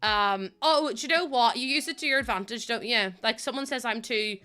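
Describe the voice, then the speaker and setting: A young Northern Irish woman with a bright, lively voice that sits a little high, rambling cheerfully to her viewers. She laughs easily and chats casually on a live stream while she builds, and faint music plays underneath. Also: fairly quick, smooth. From Northern Ireland. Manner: chatty and rambling, laughs often, talks to viewers.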